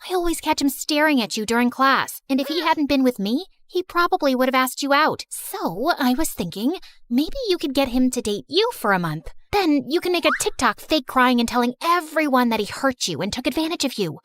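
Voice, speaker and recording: A woman's voice: high voice, very animated, a little fast, hardly any pauses, fairly bright tone, dry recording. A woman doing a scheming popular teen girl. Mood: persuasive.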